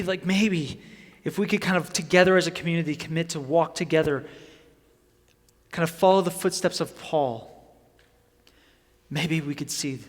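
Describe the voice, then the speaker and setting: Earnest preacher man, slightly high voice. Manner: earnest, conversational preaching with rising emphasis. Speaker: pastor. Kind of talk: sermon. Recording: long hall reverb.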